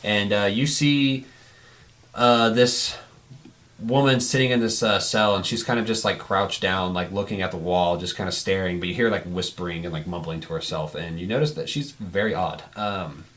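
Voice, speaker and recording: Low-voiced man running a tabletop game. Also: steady tone, normal speed, fairly bright tone. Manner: loose, rambling, filler-heavy narration. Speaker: game master.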